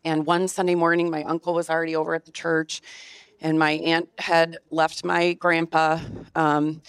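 A woman's voice: low voice, little pitch movement, moderate pace, clean tone, dry recording. A woman in a church group telling a personal family story, emotional and close to tears at times. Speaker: class member sharing a story.

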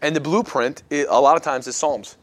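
A man's voice: on the high side, a little fast. A man leading a casual Bible study talk, earnest and reflective, often restarting his sentences as he thinks aloud. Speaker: discussion leader.

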